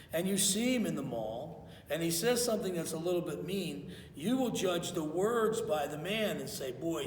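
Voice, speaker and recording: A man's voice: fairly high pitch, distant mic, a little hiss or hum. A man preaching a conversational sermon as pastor in a church, acting out quotes as he goes. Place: church sanctuary. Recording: echoey hall, voice from afar.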